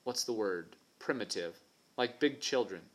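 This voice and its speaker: A man voicing a big, gruff sailor who speaks in a plain, rough, working-class way. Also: on the low side, expressive, a little slow.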